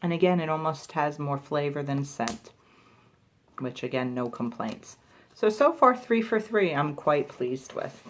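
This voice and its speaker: Slight background noise sits under this lip balm review, where a woman with a low, animated voice talks at a measured pace. As a beauty reviewer she keeps things casual, musing aloud and joking at her own expense.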